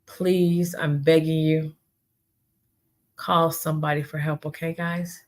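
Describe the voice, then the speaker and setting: A woman with a low voice hosts a solo podcast. She speaks slowly and earnestly, and she pleads with her listeners, often repeating herself. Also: little pitch movement, darkish tone. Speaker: podcast host. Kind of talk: heartfelt solo podcast talk.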